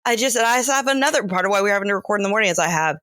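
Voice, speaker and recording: A woman's voice: mid-range voice, lively intonation, very fast, a bit bright, no room sound. A woman in her thirties with a Southern US accent, co-hosting a podcast in casual chat, sounding tired and rambling, trailing off and restarting. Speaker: podcast co-host.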